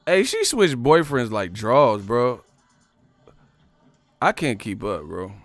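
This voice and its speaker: A man's voice: slow, no room sound. Male live stream host, slangy and mocking, talking over faint music. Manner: animated, mocking, slangy, mimics commenters in high voices. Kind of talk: casual live stream chat reading comments.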